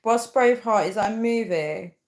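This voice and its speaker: A young woman hosting a casual live stream, reading viewer comments aloud and thinking out loud with many fillers. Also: on the high side, moderate pace. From United Kingdom. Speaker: livestream host.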